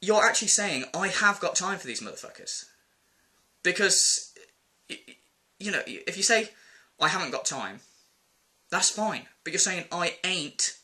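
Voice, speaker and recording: Bright, high-pitched man ranting. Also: expressive, normal speed. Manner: exasperated, rambling, quotes people in put-on voices. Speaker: vlogger. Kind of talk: casual ranting vlog.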